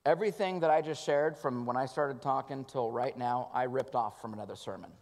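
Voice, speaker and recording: A male pastor delivering an earnest sermon, moving between loud emphatic lines and soft, hushed passages. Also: medium pitch, brisk, vocal fry. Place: church sanctuary. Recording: long reverb of a church hall.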